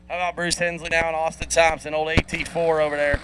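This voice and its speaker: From a racetrack broadcast booth, a man with a slightly high, flat voice calls drag races live over a noisy background. His quick play-by-play rattles off dials and reaction times, and he laughs often between runs.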